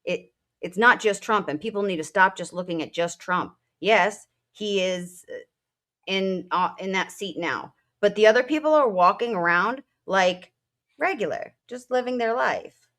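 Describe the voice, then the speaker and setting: A woman's voice: medium pitch, normal speed, a bit bright. A woman who is a military veteran, co-hosting a casual political talk show, speaking bluntly and with feeling, full of fillers and profanity. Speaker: co-host.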